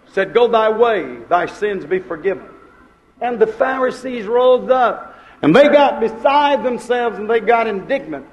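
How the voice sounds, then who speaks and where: A male preacher delivering a sermon with emphatic, repetitive phrasing and sudden swings between soft and loud delivery. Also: high voice, rough recording.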